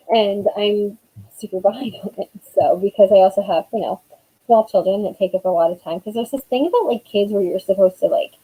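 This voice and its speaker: A woman's voice: on the high side, mellow, breathy edge, rough recording. A woman in her thirties, an author chatting casually on a live stream, rambling with lots of fillers.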